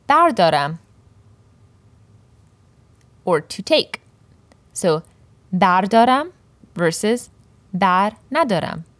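A woman teaching a Persian poetry lesson, explaining words slowly and carefully pronouncing each example. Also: medium pitch, dry recording.

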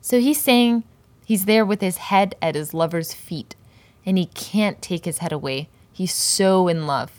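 A woman with a fairly low voice leads a poetry lesson, taking her time and sounding out each example word with care. The sound is dry and close, with no room echo. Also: darkish tone. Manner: slow, careful pronunciation of example words. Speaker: Persian language teacher.

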